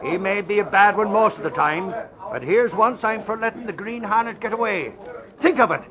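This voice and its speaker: An actor playing a brash, excitable, bossy man in an old radio drama. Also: high voice, a little fast, lightly acted. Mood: gruff. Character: blustering pushy middle-aged man. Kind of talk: 1940s radio acting. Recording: dull lo-fi old radio recording with crowd.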